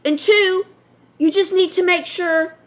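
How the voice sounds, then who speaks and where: A woman's voice: extremely high pitch, steady tone, unhurried. A middle-aged woman vlogger talking straight to camera in a blunt, lecturing way, often ending points with "all right?". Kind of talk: opinionated talk to camera.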